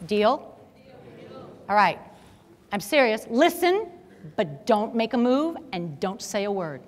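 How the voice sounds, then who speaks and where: A woman's voice: medium pitch, in a large hall. A middle-aged woman giving an emphatic, preachy talk to a young audience, full of rhetorical questions. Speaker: speaker.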